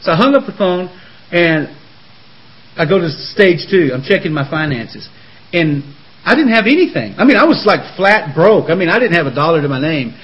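A man hosting a Christian talk show in a studio, telling stories in a fast, animated, preaching way with Southern turns of phrase. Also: a little high, lo-fi sound. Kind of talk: lively preaching conversation.

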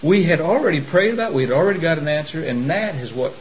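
A man guesting on a Christian talk show tells his testimony in an earnest, measured way. His voice is a touch high and often drops soft. A faint hiss sits under the dull, lo-fi recording. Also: expressive. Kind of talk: testimony in conversation.

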